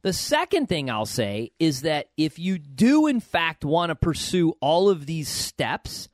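Animated man giving podcast advice. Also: fairly high pitch, measured pace, dry recording, studio quality. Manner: animated, emphatic, repeats words. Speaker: podcast host, financial advisor. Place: US, Kentucky.

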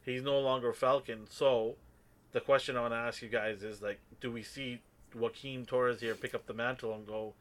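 A man's voice: medium pitch, fairly even intonation, fairly quick, fairly bright tone. A man hosting a casual discussion podcast, leading the talk with playful, mock-sarcastic teasing. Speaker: podcast host.

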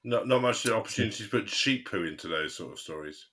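A man co-hosting a casual chat, teasing and quick to laugh. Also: fairly low pitch, expressive, bright, forceful tone, husky. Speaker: podcast co-host.

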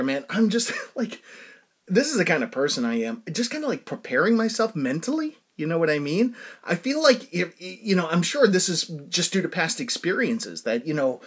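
Lively rambling man telling a story. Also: fairly high pitch. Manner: rambling, frequent fillers, bursts of laughter. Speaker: show host. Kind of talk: casual personal storytelling.

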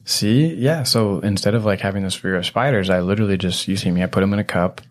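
A very low-pitched man hosts a podcast in loose, rambling talk. He explains things at length and teases his guests, leaning on filler words as he goes. His voice sits well down in the bass. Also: quick pace. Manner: rambling, teasing, heavy "you know" fillers. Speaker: podcast host. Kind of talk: casual conversational explaining.

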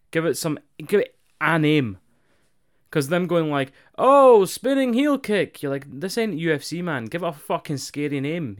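A man's voice: mid-range voice, clean tone. Blunt sweary man. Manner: blunt, sweary, enthusiastic about favourites. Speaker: podcast co-host. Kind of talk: casual wrestling recap chat.

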